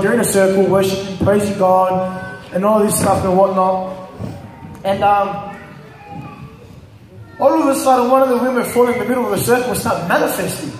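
A male pastor teaching a congregation in a casual, conversational way, with many fillers, retelling stories in quoted voices. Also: high-pitched. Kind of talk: church teaching. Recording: echoey hall, distant mic.

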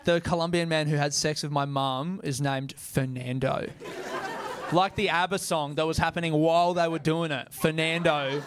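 A man's voice: fairly high pitch, noisy background. Australian man doing casual stand-up. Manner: casual, swearing, self-mocking, laughs into lines. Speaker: stand-up comedian. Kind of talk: stand-up comedy set. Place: comedy venue stage.

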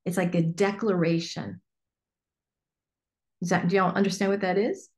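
A woman business coach teaching a workshop in a chatty, animated way with lots of fillers. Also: on the low side, normal speed. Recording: echoey room.

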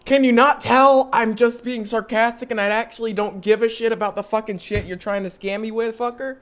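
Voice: mid-range voice, fairly even intonation, fairly quick, muffled recording. A player recording a VRChat session, laughing a lot, swearing and joking sarcastically. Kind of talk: casual game chat.

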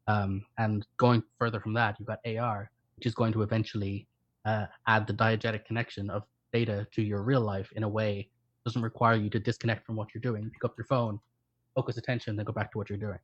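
A man with an Irish accent, co-hosting a live stream in quick, rapid-fire casual chat. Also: fairly low pitch, little pitch movement. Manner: rapid-fire, self-described fast talker. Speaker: co-host. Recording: dull lo-fi stream audio.

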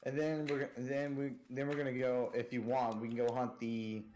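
A man's voice: medium pitch, little pitch movement, normal speed, darkish tone. A man co-hosting a podcast while playing a video game, chatting casually in a joking, boastful and rambling way. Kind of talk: casual gaming chat.

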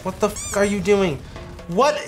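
A young man commentating his own gameplay, loud and excitable, yelping and joking as he gets shocked. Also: sits high, unhurried, faint music behind. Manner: loud, excitable, yelps and jokes under shocks. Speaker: gaming YouTuber.

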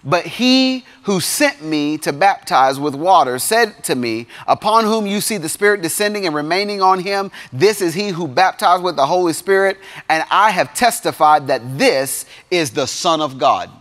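A man with a fairly high voice preaches to a youth crowd. He keeps it lively, punching some lines loud and dropping others to near asides. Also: moderate pace, few pauses. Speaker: youth pastor. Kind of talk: sermon.

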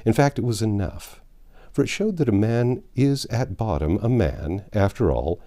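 A man reads a classic novel aloud in an expressive, measured manner. His voice is low and mellow, with lively rises and falls in pitch. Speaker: audiobook narrator.

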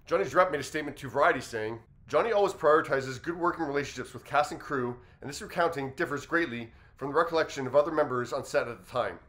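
Quick-talking male commentator. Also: a little high, a bit bright. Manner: measured, reasoning aloud. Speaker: commentary host. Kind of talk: news commentary.

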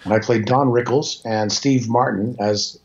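A man's voice: mid-range voice, steady tone, a little slow. Rambling Canadian man in his sixties. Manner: rambling, self-deprecating storyteller. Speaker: voice actor guest. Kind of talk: casual interview chat. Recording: slightly dull lo-fi audio.

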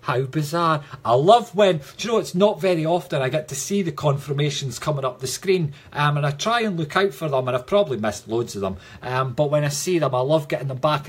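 A man's voice: fairly high pitch, husky. A Scottish man working as a psychic medium, giving chatty, affectionate readings to viewers on a livestream and calling them sweetheart.

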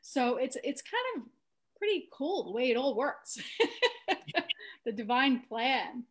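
A woman with a fairly high voice speaks calmly and earnestly. She is reflective and thoughtful, and her conversational delivery stays soft and sincere throughout. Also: slow.

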